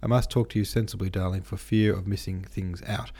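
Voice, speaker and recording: A man's voice: low voice, little pitch movement, fairly quick, mellow. A man voicing a devout woman torn between faith and love, speaking earnestly and pleadingly in an audiobook reading. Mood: impassioned.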